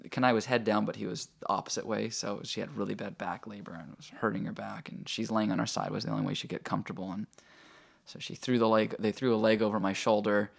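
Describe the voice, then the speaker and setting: Gravelly low-voiced man telling a story. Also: quick pace. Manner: animated, acts out quoted voices, filler-heavy. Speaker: guest telling a personal story. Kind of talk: casual anecdotal storytelling.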